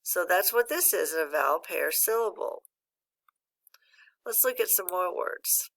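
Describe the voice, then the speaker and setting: Lady phonics teacher, low-ish gravelly voice, patient, waits for kids to answer. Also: lively intonation, a bit bright. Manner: patient, encouraging, pauses for student answers. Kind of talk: recorded phonics lesson.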